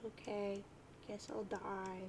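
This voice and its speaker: A woman's voice: mid-range voice, little pitch movement, slow pace, vocal fry, background noise. A woman reading a webcomic aloud, chatty with jokey asides. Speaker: reader of a webcomic.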